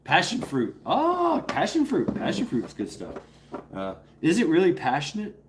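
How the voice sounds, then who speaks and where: A man's voice: on the high side, huge pitch swings, normal speed, noisy background. A man hosting a casual live stream, rambling playfully, greeting viewers by name and coaxing his dog between remarks. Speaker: livestream host.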